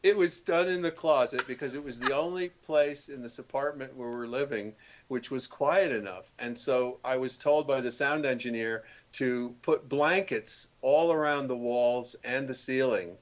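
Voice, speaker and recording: Older man, author guest, mid-pitched, anecdotal storyteller who laughs easily. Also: moderate pace. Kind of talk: casual interview chat.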